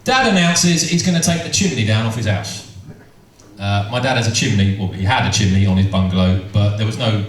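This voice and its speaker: A man's voice: fairly low pitch, a little fast. A man doing stand-up storytelling, rambling and repeating himself with amused asides. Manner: rambling, self-interrupting, amused. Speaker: stand-up comedian. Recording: echoey room from far off.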